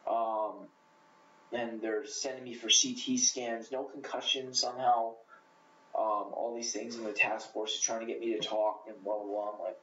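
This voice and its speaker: Guy telling his story straight, swears a lot, rambly, far off in an echoey room, muffled rough audio. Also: fairly low pitch, little pitch movement, moderate pace, pushed and bright, slight background noise. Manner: blunt, profane, rambling with fillers. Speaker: interview guest. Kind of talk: candid personal storytelling.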